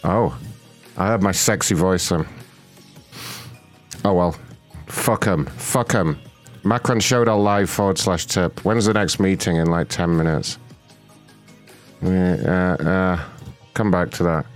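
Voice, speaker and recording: A man's voice: deep voice, slow, pauses often, faint music behind. A man hosting a prank call livestream, chatting casually, swearing and laughing as he jokes. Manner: profane, laughing, joking. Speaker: host of a prank call show.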